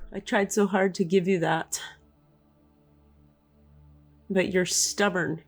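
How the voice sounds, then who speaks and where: A woman voicing the doting, tender spirit of a late mother, speaking gently and reassuringly, a little above her usual pitch. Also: steady tone, slow, faint music behind.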